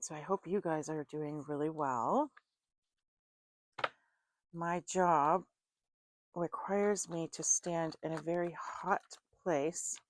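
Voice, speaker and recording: Woman, low voice, chatty, laughs often, tarot reading, dry close sound. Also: slow pace, pauses often, dry recording. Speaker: tarot reader. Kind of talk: casual chat and tarot card reading.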